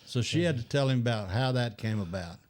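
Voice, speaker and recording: An older man telling animated anecdotes as a guest in a casual chat, acting out other people's lines. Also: mid-range voice, fairly quick.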